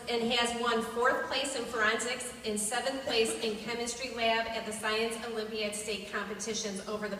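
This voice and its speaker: A woman's voice: on the high side, bright, forceful tone, a little hiss or hum. A woman reading a formal introduction of a student at a graduation. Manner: reads a prepared introduction. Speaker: school staff presenter. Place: large hall. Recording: echoey hall from far off.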